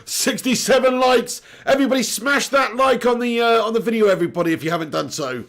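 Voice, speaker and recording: Young guy hosting a footy watch-along stream, reads chat out, joking around, high voice, gravelly. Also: quick pace, fairly bright tone. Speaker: live stream host. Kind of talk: football watch-along commentary.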